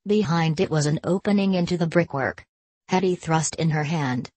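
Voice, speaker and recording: Woman narrator, low voice, measured story reading, dry studio sound. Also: darkish tone, no echo.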